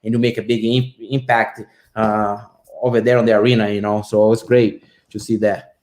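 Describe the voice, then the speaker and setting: A man's voice: on the low side, little pitch movement, moderate pace, darkish tone. A man chatting as an interview guest, easygoing, with loose phrasing and many fillers. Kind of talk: casual interview chat.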